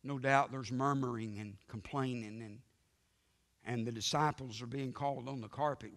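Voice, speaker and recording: A male pastor preaching a sermon emphatically, swinging between loud outbursts and hushed lines, with frequent amens. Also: medium pitch, fairly even intonation, moderate pace. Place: church sanctuary. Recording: reverberant church sanctuary broadcast.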